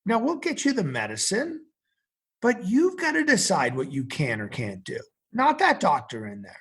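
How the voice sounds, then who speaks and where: A man's voice: sits high, huge pitch swings, normal speed, fairly bright tone, breathy edge, pitched above the performer's own voice, exaggerated voice. A man voicing a fierce, determined mother who speaks emphatically and insistently.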